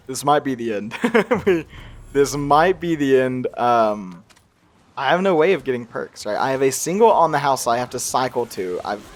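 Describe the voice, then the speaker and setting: A young man with a faint accent he tries to hide talks through a game he is playing. His commentary rambles and pokes fun at himself, and he laughs often in an ordinary mid-range voice. A faint hiss sits under the recording. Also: mid-range voice. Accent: slight regional accent he tries to hide. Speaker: gaming youtuber. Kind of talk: casual gameplay commentary.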